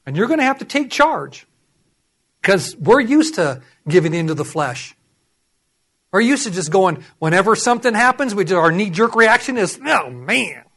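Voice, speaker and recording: A man preaching a sermon as pastor, animated and acting out voices as he goes. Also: high voice.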